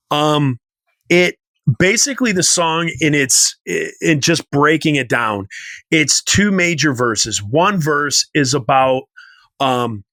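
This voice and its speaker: Man in his 40s, rambling storyteller, bright and forceful, dry close sound, slightly high voice. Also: no echo. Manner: rambling storyteller, hums snippets of tunes. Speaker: podcast co-host. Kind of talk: casual chat.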